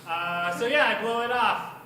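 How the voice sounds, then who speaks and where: A high-voiced young man works through a profane, rambling stand-up bit at a bar open mic and erupts into shouting along the way. He sounds distant and swimming in heavy room echo, as if recorded from the back of the bar. A clear wash of room noise sits under him the whole time. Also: normal speed. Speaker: stand-up comedian. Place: small bar at an open mic night, indoors. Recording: echoey bar taped from far off, with room noise.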